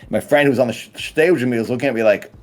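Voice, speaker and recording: A man's voice: medium pitch, quick pace. A man, a guest comedian, telling rambling stories in casual podcast chat. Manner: rambling, animated storytelling.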